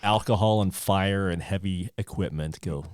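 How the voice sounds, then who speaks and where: A man's voice: sits low, moderate pace, darkish tone, clear, resonant tone. A man co-hosting a podcast in casual chat, dropping dry joking quips. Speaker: podcast co-host.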